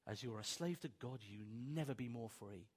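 A man's voice: mid-range voice, moderate pace, husky. A man preaching a sermon, acting out imagined objections and pressing his points with emphatic repetition. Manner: animated, rising to emphatic repeated declarations; plays out imagined objections in dialogue.

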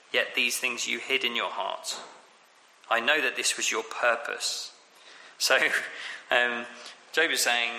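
A man gives a sermon in a bright, sharp-toned voice, talking it through casually with many ums and restarts. His voice rings around a large echoey hall with a long reverb tail. A faint room hum sits underneath. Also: mid-range voice. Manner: conversational, many fillers and restarts. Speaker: preacher. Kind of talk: sermon on scripture.

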